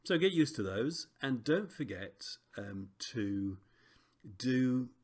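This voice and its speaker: A man teaching a recorded Greek lesson, relaxed and chatty with frequent ums and self-corrections. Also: mid-range voice, slow, slightly rough.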